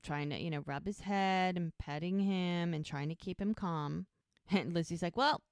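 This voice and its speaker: Podcast co-host, a woman with a lower voice, chatty episode recapper, dry close sound. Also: normal speed, clean tone, no echo. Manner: animated retelling, brief quoted character voices. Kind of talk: casual chat, retelling scenes.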